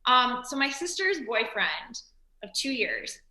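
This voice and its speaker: A woman talking in a casual interview, telling stories and acting out the voices of the people in them. Her voice sits a little high and sounds bright and forward. The room around her is echoey. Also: slow pace. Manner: animated storyteller, acts out quoted voices. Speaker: actress and series creator, guest.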